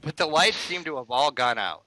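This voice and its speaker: A man's voice: on the high side, animated, fairly quick, sharp tone, dry recording, poor audio. A man reading his part in a homemade play in a chatty way. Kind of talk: read-aloud fan play.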